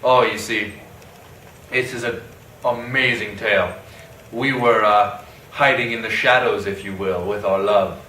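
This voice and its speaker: A bright, casual Othello, played by a man who brags and rambles like a modern guy at a party. He tells his tale in slang, with faint room noise. The voice sounds roomy and set back from the mic. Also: on the low side, fairly even intonation, unhurried, pauses often. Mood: boastful. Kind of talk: parody skit. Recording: echoey room, mic at a distance.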